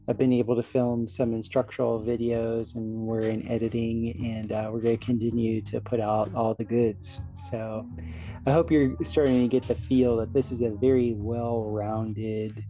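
A man's voice: mid-range voice, flat delivery, measured pace, mellow, soft background music. A man from South Florida, a podcast host, rambling cheerfully through a casual outro and laughing at his own slips.

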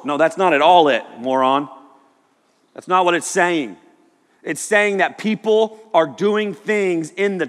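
A man's voice: high-pitched, fairly bright tone. A man preaching a sermon as pastor, joking and acting out the people he quotes. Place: church auditorium. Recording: long hall reverb.

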